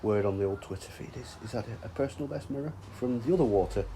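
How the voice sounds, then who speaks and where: A man's voice: medium pitch, fast talker, dark tone, a little hiss or hum, low-quality recording. A man chatting casually outdoors by a fishing lake, with sweary, teasing banter. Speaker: angler and vlog host. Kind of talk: casual chat.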